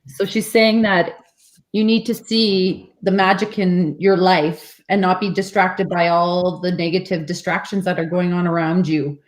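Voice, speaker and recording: A woman's voice: fairly low pitch, steady tone, measured pace, low-quality recording. Earnest woman giving a spiritual reading. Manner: earnest, repetitive, encouraging phrasing. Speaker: co-reader giving card messages.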